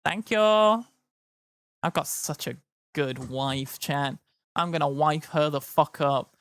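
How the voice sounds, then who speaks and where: A man's voice: on the high side, fairly even intonation, slow pace, a bit bright, no room sound, studio quality. A tired man chatting casually to his live-stream audience, rambling and joking. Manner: rambling, jokey, slips into silly voices. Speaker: livestreamer.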